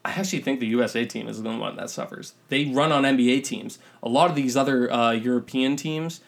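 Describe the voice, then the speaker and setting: A male podcast co-host argues his basketball takes casually, with a medium pitch. He leans contrarian, and his talk is full of fillers. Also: brisk, gravelly. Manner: opinionated, contrarian, heavy on fillers. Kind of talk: casual sports chat.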